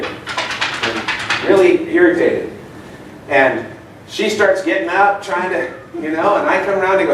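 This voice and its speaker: A man's voice: a little high, normal speed. Chatty man telling stories in an echoey room. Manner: casual, chatty storytelling with audience questions. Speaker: seminar speaker. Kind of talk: live seminar talk with anecdotes. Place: meeting room. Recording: echoey room, distant mic, faint noise.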